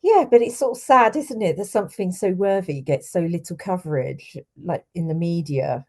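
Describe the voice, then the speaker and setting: Woman with a low voice presenting. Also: normal speed, darkish tone. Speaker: podcast co-host. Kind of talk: casual chat and reading news.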